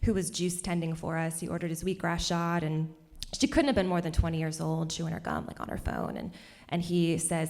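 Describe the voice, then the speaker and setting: A young woman telling a personal story on stage at a cultural center, animated and laughing often between lines. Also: low-pitched, a little fast.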